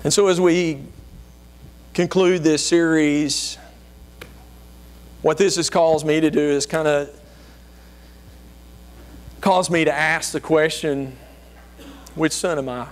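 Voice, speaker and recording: High-voiced preacher mimicking whiny voices. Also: male voice, little pitch movement, slow pace, pauses often. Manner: acts out whiny self-righteous voices, rising high when mimicking. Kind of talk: sermon.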